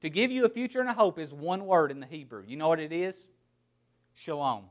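A man preaching a sermon in a noticeably high voice. He stresses words one by one and poses rhetorical questions, then drops quiet and low to land his key points. He sounds middle-aged. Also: animated, a little fast, highs cut off. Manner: emphatic preaching, word-by-word emphasis, rhetorical questions. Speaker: pastor.

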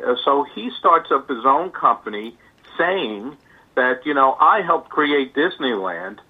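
A man's voice: medium pitch, animated, slightly rough. Man on a tinny phone line. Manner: halting, many fillers and restarts. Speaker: author guest. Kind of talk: interview storytelling.

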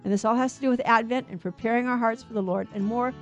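A woman hosting a radio Bible show, teaching on scripture in an earnest, emphatic way with quick restarts. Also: fairly high pitch, steady tone, highs cut off, faint music behind.

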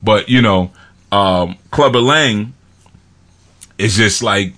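A man's voice: fairly low pitch, slow, long pauses, a bit bright. A man talking in a rambling, casual monologue, laughing often and acting out quotes from films.

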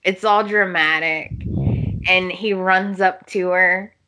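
A woman's voice: on the low side, steady tone, takes it slowly, pushed and bright, a little hiss or hum. A woman co-hosting a podcast, animatedly recapping soap opera scenes, laughing often and acting out characters' lines. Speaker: podcast co-host.

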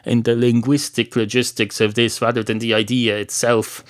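A lofty, pedantic talking tomcat, put on by a man who lectures in a mid-pitched voice. He speaks with a fussy, know-it-all manner, like a comedy podcast sketch. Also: level tone, moderate pace, natural voice. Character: pompous humanoid talking male cat.

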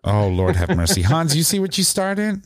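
Male podcast host, playful, teasing, lively intonation, dry close audio. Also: fairly high pitch, moderate pace, no echo. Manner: playful, teasing, laughing often. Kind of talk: casual chat.

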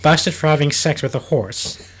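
A man hosting a comedy podcast, reading a news story aloud in a halting way with many fillers, casual and joking. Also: fairly high pitch, fairly bright tone, husky.

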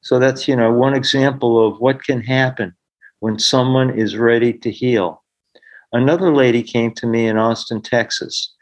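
This is a podcast guest, a middle-aged healer, recounting stories during an interview with real earnestness and performing the voices of those he quotes. He speaks in a lowish voice, captured on a low-quality recording.

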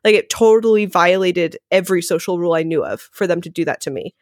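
Heard in clean studio quality with no room sound, this woman's voice is fairly low in pitch. She is a podcast guest in a casual interview, speaking rapidly and animatedly and filling her speech with "like."

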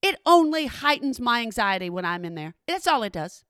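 A middle-aged woman with a high, bright voice tells a personal story to her followers. She is dramatic and animated, and she addresses her listeners directly. The sound is dry and close. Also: brisk, clean tone, no room sound. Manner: animated, dramatic, talks straight to the audience.

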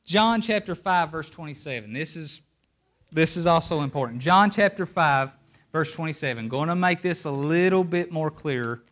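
A man's voice: on the high side, animated, normal speed, fairly bright tone. A man preaching a sermon on a microphone, emphatic and pulling listeners in with questions. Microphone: handheld microphone.

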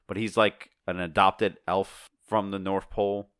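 A man co-hosting a podcast, talking in a relaxed, casual way with fillers and laughs. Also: sits low, measured pace, smooth, no room sound, clean studio sound. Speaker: podcast co-host. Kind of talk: casual chat.

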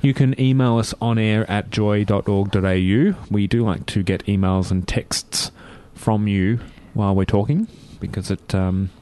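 Man, radio host, low voice, chatty, relaxed, fillers. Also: normal speed, few pauses, clear, resonant tone, dry recording. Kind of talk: community radio tech chat. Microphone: studio microphone.

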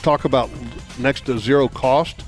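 A man's voice: medium pitch, normal speed, faint music behind. Chatty man rambling about food. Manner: rambling, many restarts, gets excited about food. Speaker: co-host. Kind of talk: casual radio chat.

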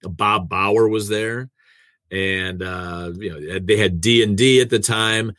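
Radio man, lowish voice, dry close mic, chatty self-deprecating storyteller. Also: slow pace, a bit bright, dry recording. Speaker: radio host and producer. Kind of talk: casual conversational storytelling.

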